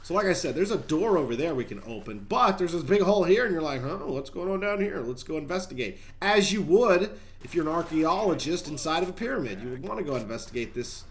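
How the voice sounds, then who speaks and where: A man's voice: on the high side, expressive, quick pace, hardly any pauses. A man hosting a gaming channel, giving chatty, rambling gameplay commentary and talking straight to viewers.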